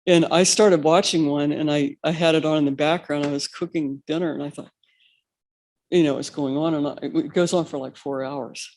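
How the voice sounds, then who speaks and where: Man, slightly high voice, rambling panel storyteller, lots of ums. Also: steady tone, moderate pace, darkish tone. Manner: rambling anecdotal storytelling with fillers. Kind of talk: recounting institute history at a panel.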